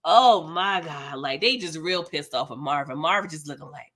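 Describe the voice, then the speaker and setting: A young woman hosting a live TV episode recap, animated and slangy, laughing often as she reacts. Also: low-pitched, normal speed. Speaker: TV recap host.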